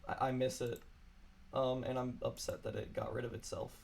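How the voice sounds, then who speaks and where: A man's voice: mid-range voice, flat delivery, normal speed, vocal fry, darkish tone, slight background noise. A man chatting casually while streaming a game alone at his computer, apologetic and rambling.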